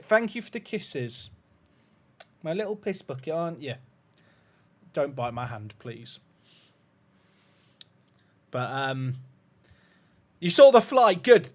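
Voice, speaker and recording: A man hosting a casual livestream, sleep-deprived, cooing softly at a puppy and chatting upbeat with viewers. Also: a little high. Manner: coos softly at a puppy, then chats upbeat with his viewers. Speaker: livestream host.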